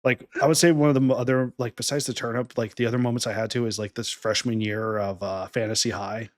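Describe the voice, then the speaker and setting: A man's voice: medium pitch, steady tone, fast. A man hosting a podcast, chatting casually and rambling as he laughs along with his guests. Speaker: podcast host. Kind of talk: casual chat.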